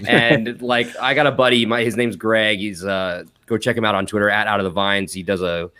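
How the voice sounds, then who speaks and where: This man is a guest on a casual podcast and speaks at a low pitch. His talk is rambling and profane, and he laughs easily as he goes. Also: steady tone, normal speed, sharp tone. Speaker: podcast guest and host of another podcast.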